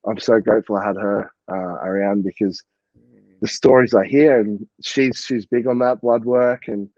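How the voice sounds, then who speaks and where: A man talks in a loose, rambling way, peppering his sentences with fillers and the odd swear. His voice is mellow and relaxed. The sound is dry and a bit dull. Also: lowish voice, moderate pace, dry recording. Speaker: podcast guest, bodybuilding coach. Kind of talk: casual interview chat.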